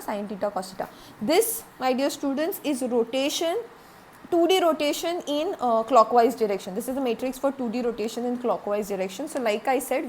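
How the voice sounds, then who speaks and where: A woman's voice: a little high, slight background noise. A woman giving a recorded classroom lecture, explaining step by step, repeating points, with frequent "okay" and "uh".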